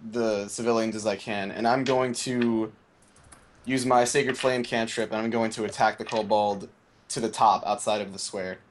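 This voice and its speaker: Low-voiced man playing a game, keyboard clicks. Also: steady tone, moderate pace, slight background noise. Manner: counts out moves and checks rules. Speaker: player. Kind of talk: casual game talk.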